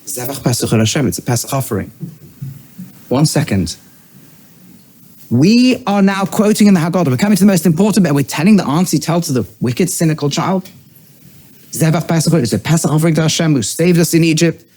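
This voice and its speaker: A middle-aged man, a rabbi, giving a teaching lecture, swinging between high emphatic bursts and low quiet asides, and weaving in Hebrew terms he then translates. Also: expressive, fairly quick. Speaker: rabbi and educator.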